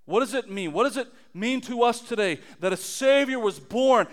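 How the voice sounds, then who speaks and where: Pastor guy in his 30s preaching, kinda high smooth voice, gets loud then drops real quiet. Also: moderate pace, hardly any pauses. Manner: animated, swings from loud emphasis to quiet low asides. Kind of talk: sermon.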